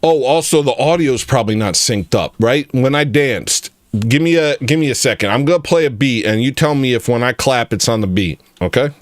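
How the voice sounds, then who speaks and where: A man's voice: mid-range voice, expressive, brisk, dry recording. A man hosting a casual comedy livestream, rambling and joking while reacting to chat. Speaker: livestream host.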